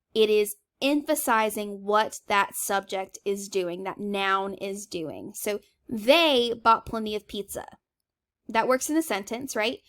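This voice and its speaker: A woman teacher talks through a grammar lesson in a casual, chatty way. She stresses her example sentences and keeps checking in with "okay?" Her voice sits at an ordinary middle pitch.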